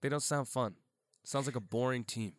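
A man's voice: medium pitch, moderate pace, dry recording, studio quality. A man hosting a podcast, wisecracking in a loose, playful way and reading out the show's plugs. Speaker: podcast host. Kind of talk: casual comedic chat.

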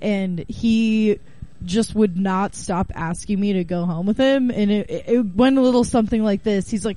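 A woman's voice: mid-range voice, normal speed, dry recording. A woman comedian chatting on a radio show, acting out both sides of her anecdotes and laughing often. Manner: animated storyteller who acts out both sides of the dialogue. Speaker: comedian guest. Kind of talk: casual radio chat.

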